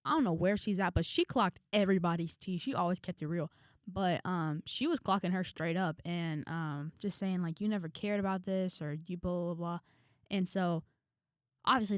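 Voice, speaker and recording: A woman's voice: fairly low pitch, no echo, studio quality. A young woman vlogger telling a story in a frank, chatty way, with sighs and trailing asides. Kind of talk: casual storytelling to camera.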